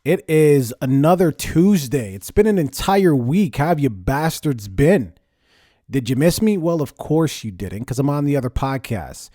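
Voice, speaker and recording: A man hosting a casual podcast, talking in a lively, conversational way and stressing words as he rants. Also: fairly high pitch, unhurried, no echo, clean studio sound. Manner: lively, conversational, ranting with emphasis. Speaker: podcast host. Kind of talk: casual solo podcast talk.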